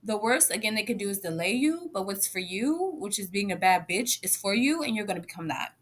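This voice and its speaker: A young woman vlogs casually to the camera in a medium-pitched, fairly quick voice. She's animated and swears freely, laughing often and slipping into playful voices.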